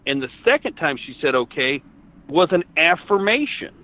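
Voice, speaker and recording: A man's voice: fairly high pitch, very animated, normal speed. A man from Ohio earnestly recounting a frightening personal encounter as a guest, often stumbling and repeating words as he goes. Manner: earnest, repeats and restarts words when shaken. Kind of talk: first-person storytelling on a call-in show. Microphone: phone line. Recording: tinny dry phone line.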